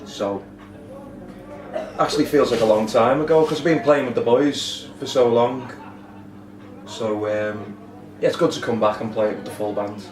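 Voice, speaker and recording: A man chats backstage in a laid-back, wry way, cracking jokes. He sounds a bit far from the mic, and the room is echoey. A steady din runs behind him. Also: medium pitch, normal speed, pauses often. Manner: joking, relaxed, dry humour. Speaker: musician being interviewed. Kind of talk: casual backstage interview. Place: backstage at a music club. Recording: roomy, distant, noisy room.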